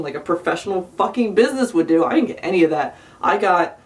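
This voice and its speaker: Exasperated young woman ranting, low voice. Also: animated, fast. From South Jersey, USA. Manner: exasperated, profane, sarcastic ranting. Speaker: vlogger. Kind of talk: storytime rant. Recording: voice a bit far from the mic.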